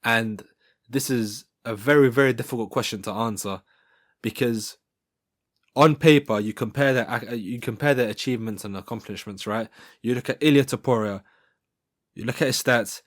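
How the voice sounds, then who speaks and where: A man hosting his own fight-sports video, giving casual fan commentary in an excitable, rambling way full of restarts. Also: medium pitch, normal speed. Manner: excitable and rambling, with many restarts and repeated "guys". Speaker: MMA video host.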